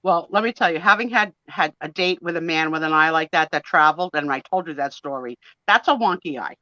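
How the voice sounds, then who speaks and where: Sharp-voiced, blunt, teasing middle-aged woman. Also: low-pitched, fairly quick, dry recording. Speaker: co-host on a live photo sale stream. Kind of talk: casual chat. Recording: dull, lo-fi sound.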